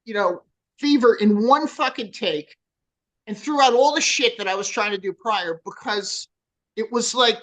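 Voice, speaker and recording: A man's voice: sits high, poor audio. A man in his sixties with a New Jersey accent, a metal singer telling swearing-filled stories in a casual interview. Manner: profane, storytelling, animated.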